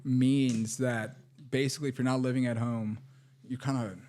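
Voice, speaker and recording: A man co-hosting a comedy podcast, talking in a halting, self-deprecating way. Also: medium pitch, little pitch movement, mellow. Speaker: podcast co-host. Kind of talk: casual comedic chat.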